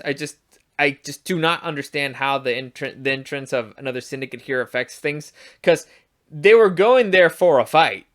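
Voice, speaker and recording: A man's voice: fairly high pitch, fairly bright tone. Profane, rambling man ranting a review. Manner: rambling, profane, restarts often; exasperated, ranting. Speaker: show reviewer. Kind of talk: casual spoken review.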